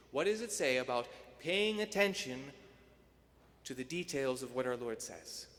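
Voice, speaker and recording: A man, a priest, giving a sermon in a rhetorical, emphatic style that swells to loud peaks and then drops soft. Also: a little high. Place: church. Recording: long church reverb.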